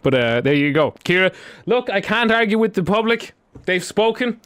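A man's voice: high-pitched, big pitch swings, moderate pace, fairly bright tone, dry recording, studio quality. A man co-hosting a radio show, bantering and teasing with frequent laughs.

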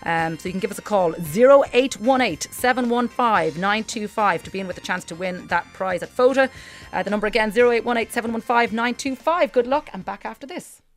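A woman hosting a radio show, chatting in a relaxed, upbeat way and reading out listener texts. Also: a little high, a little fast, soft background music. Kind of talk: casual radio chat. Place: radio studio.

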